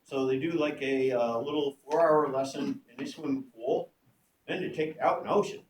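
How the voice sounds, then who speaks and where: A man teaching a class, telling a story in an animated way and acting out the voices of the people in it. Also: medium pitch, normal speed. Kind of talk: classroom lecture with anecdotes. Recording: echoey room with faint background noise.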